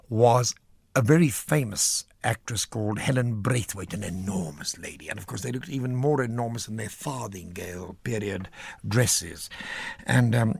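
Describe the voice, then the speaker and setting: An older man tells theatre stories in an animated, theatrical manner. His voice is gravelly and husky. The sound is close and dry. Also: lowish voice, no echo. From South Africa. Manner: animated, theatrical storyteller with flamboyant asides. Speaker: actor telling theatre stories. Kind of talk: theatrical anecdote in a radio interview.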